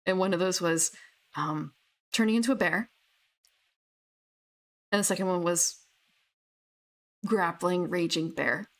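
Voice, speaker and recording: Woman, young adult, casual chat, rambling, lower pitch. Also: a little slow, pauses often, a bit bright. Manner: rambling, full of fillers and restarts. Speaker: tabletop gamer.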